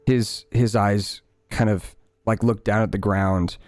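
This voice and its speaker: A man narrating as game master in a tabletop game, unhurried and full of fillers. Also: on the low side, no room sound. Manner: relaxed, many fillers, unhurried.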